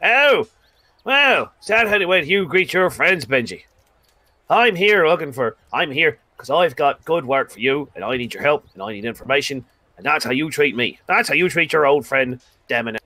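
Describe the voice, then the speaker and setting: A man voicing a loud, boisterous male adventurer who talks in brash, chummy slang. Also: a little high, lively intonation, normal speed, pitched above the performer's own voice. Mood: indignant.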